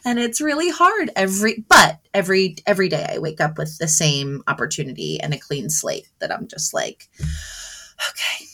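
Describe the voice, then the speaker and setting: A woman's voice: on the low side, very animated, fairly quick, few pauses, bright, forceful tone. A woman in her thirties from Southern New Jersey, co-hosting a casual podcast chat, talking in a chatty way with frequent laughs. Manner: chatty, laughs often, acts out her own lines to her kids. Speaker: podcast co-host.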